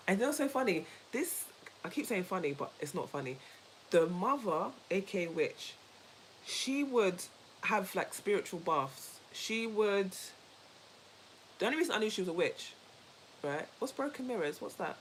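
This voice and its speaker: A woman co-hosting a casual chat, telling a story in an animated, emphatic way, repeating herself and laughing easily. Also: mid-range voice, normal speed, a little hiss or hum, low-quality recording. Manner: laughs easily while talking. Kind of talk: casual chat with a co-host and viewers.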